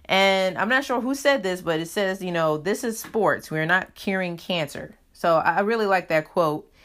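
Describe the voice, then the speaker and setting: A woman with a slightly low voice hosts her own podcast. She talks in a loose, casual way and fills her sentences with "you know." It sounds like an easy solo chat. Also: lively intonation, normal speed, fairly bright tone. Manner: chatty, heavy use of "you know" fillers. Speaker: podcast host.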